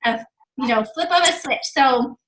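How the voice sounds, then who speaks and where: A woman's voice: high voice, normal speed, fairly bright tone, echoey room, a little hiss or hum, poor audio. A woman hosting a team video call, gushing and effusive with lots of fillers.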